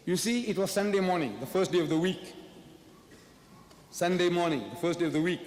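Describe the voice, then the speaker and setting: A man delivers a public debate speech, firing off questions and then answering them himself with emphatic repetition. His voice sits fairly high and rings through a large, reverberant hall. The sound is roomy, with a long tail on every phrase. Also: brisk, long pauses, a little mellow. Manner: emphatic, repeats key phrases. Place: large lecture hall before an audience.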